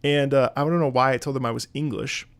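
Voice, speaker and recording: A man's voice: mid-range voice, quick pace, vocal fry, a bit bright, no room sound. A man who streams and sings opera, telling a rambling story in casual chat with his audience, with lots of swearing and filler words.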